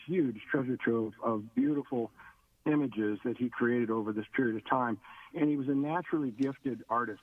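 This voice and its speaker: A man's voice: mid-range voice, dry recording. Older man on a tinny line. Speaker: guest. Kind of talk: radio interview.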